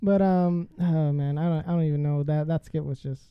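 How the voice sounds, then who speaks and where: A woman's voice: low voice, steady tone, brisk, clean tone, dry recording. Rambling, slangy female podcast co-host; dry, slightly dull recording. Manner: rambling, slangy, lots of fillers and acted-out quotes. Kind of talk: casual chat.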